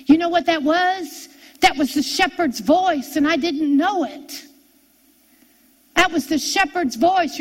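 A middle-aged woman preacher telling a personal story in a sermon, animated and repeating key phrases for emphasis. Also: high-pitched, normal speed, poor audio.

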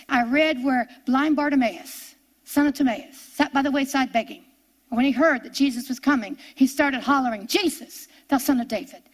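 An older woman preaching a sermon, swinging between loud chanted calls and low, quiet lines.

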